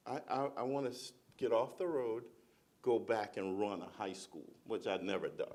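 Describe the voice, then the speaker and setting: A middle-aged man on a conference panel, a school principal telling a lively personal story and acting out the voices of the people in it. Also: mid-range voice, a little fast. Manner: animated storyteller, acts out quoted voices.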